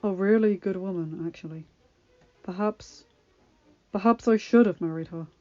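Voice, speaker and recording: A woman reader voicing an ashamed young nobleman who speaks in a flat, hollow tone. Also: medium pitch, normal speed, faint music behind, lightly acted. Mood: subdued. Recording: dull lo-fi recording.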